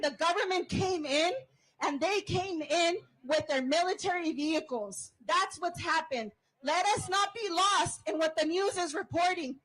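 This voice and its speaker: A woman's voice: very high-pitched, fairly bright tone, rough recording. A woman giving an impassioned protest rally speech outdoors, leading call-and-response chants as a union member.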